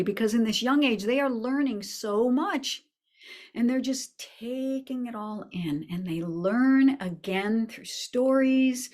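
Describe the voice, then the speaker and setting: A middle-aged woman hosting a talk on young children, speaking casually to viewers, laughing often and dropping to a soft, hushed voice at times. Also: medium pitch. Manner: warm, laughing, drops to soft near-whispers. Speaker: host giving parenting advice.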